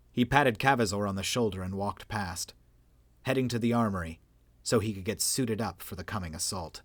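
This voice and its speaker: A man narrating a sci-fi audiobook in an even, steady storytelling voice. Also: lowish voice, moderate pace, dry recording.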